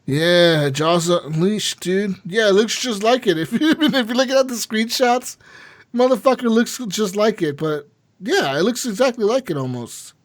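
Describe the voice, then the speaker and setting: A man with a high voice co-hosts a gaming podcast, spinning a rambling, profane story full of restarts and swearing. His voice sits close and dry on the mic, with no room sound around it. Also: lively intonation, moderate pace, dry recording. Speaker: podcast co-host. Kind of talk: casual chat.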